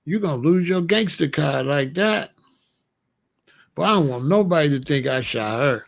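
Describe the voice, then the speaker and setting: A man's voice: on the high side, normal speed, vocal fry. A man giving casual, slangy commentary, often acting out the people he talks about. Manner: animated, slangy, acts out quoted voices.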